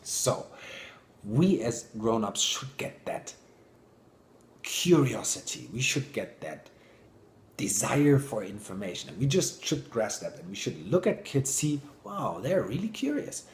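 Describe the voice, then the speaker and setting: Animated male speaker in an echoey hall. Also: on the low side, a little slow. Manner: animated, enthusiastic storyteller. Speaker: public speaker. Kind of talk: storytelling talk to an audience.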